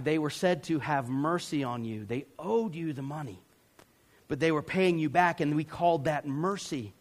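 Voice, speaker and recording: A male pastor with a high voice preaching an emphatic sermon. He mixes relaxed asides to his congregation with bursts of shouting.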